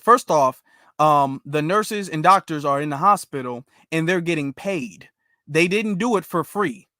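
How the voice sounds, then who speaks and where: Guy ranting over clips, lots of ums and restarts, highish bright voice, dry sound. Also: no echo. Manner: rambling, with many fillers and restarts; rhetorical questions, emphatic. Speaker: commentary host. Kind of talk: reacting to clips, casual commentary.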